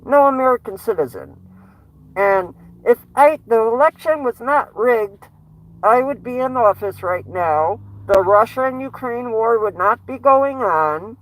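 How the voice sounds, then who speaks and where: A man's voice: very high voice, expressive, measured pace, rough recording. A man doing an amateur impression of a boastful former male president, with emphatic, repetitive bragging. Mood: indignant.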